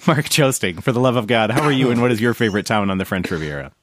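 A man's voice: on the low side, fast talker, fairly bright tone, no echo. A man hosting a casual podcast chat, joking and laughing often with his friends. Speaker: podcast host.

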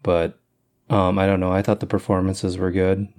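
A man on a casual movie podcast giving measured, somewhat hesitant opinions. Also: low-pitched, monotone, darkish tone. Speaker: podcast co-host. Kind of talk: casual movie-review chat.

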